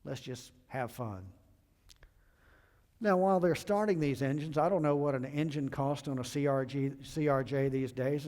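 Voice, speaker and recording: A middle-aged man from the American South giving an earnest, emphatic safety lecture to pilots, acting out quoted remarks. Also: a little mellow. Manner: earnest, emphatic, acts out quotes with rising pitch. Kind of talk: presentation lecture. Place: university lecture hall. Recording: long hall reverb.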